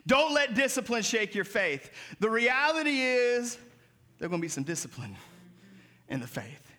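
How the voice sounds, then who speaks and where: Male pastor, sermon, very high voice, bright tone, call-and-response preaching. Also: sing-song, moderate pace. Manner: preaching with call-and-response, rising to emphatic peaks.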